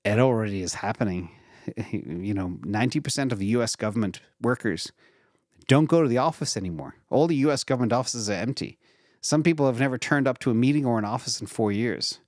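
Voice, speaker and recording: A man's voice: medium pitch, brisk, darkish tone, dry recording, clean studio sound. A man hosting a live viewer Q&A on investing, talking casually in long, rambling explanations full of fillers and restarts. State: retired from regular work. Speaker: investing channel host. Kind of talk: live Q&A answering viewer questions.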